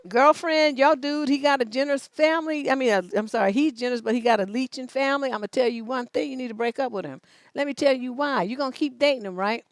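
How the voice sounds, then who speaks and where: A woman's voice: high-pitched, a bit bright, dry recording. A woman relationship coach on a livestream advice show, reading out letters and answering in a blunt, profane, scolding way.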